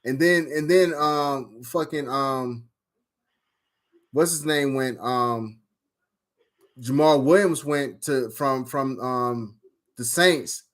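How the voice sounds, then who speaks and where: A fantasy football league member recaps his draft casually, rambling and cursing, full of fillers and sudden outbursts. He speaks at a medium pitch and slow pace, pausing often, in an animated storytelling style.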